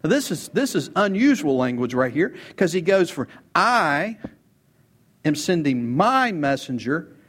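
A man delivers a sermon from the pulpit with emphatic energy, pressing his listeners with rhetorical questions and repeating key words for weight. His voice is fairly high for a man and has a husky edge. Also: sing-song, measured pace, a bit bright. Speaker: pastor.

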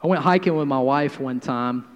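A man's voice: medium pitch, normal speed. Pastor in his thirties, reverberant hall. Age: 30s. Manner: conversational and humorous, swings between loud and quiet. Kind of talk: sermon.

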